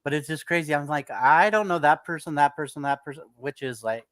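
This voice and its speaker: A middle-aged man co-hosting a casual sports talk show, halting and stammering as he restarts his sentences. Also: a little high, fairly bright tone, dry recording.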